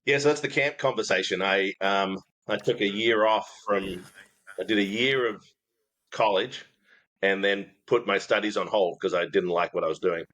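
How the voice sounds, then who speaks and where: A man's voice: moderate pace, fairly bright tone. A middle-aged man with an Australian accent that drifts toward American, telling stories as an interview guest. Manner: storytelling, acts out past quotes in a higher voice. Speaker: guest, camp ministry leader. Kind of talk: casual conversational interview.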